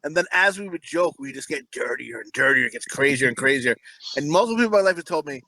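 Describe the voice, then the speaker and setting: A man in his thirties co-hosts a podcast, his medium-pitched voice animated, fast, pushed and bright. He tells crude stories in a rambling way, packed with fillers, in casual banter. The audio is poor but has no echo.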